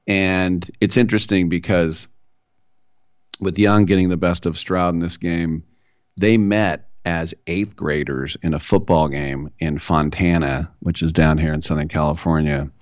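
A man's voice: low voice, fairly even intonation, a little slow, no room sound, muffled recording. A man hosting a solo sports talk show, casual and opinionated with wry asides. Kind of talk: solo sports radio monologue.

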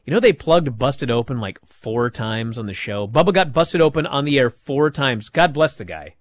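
A man hosting a wrestling talk show, recapping matches in casual chat with animated, mocking outbursts. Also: mid-range voice, moderate pace, no room sound. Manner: animated, mocking, jumps to shouting. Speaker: wrestling podcast host.

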